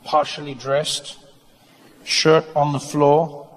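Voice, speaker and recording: A man performing a stand-up routine on stage, telling a story with animated delivery and playful impressions. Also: on the high side, slow pace. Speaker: stand-up comedian. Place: comedy stage before a live audience. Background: audience laughter.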